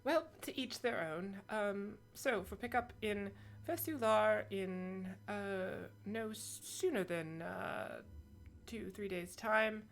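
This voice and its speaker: A woman voicing a brisk woman shopkeeper who sells birds, businesslike and dryly teasing. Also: medium pitch, vocal fry, pitched above the performer's own voice.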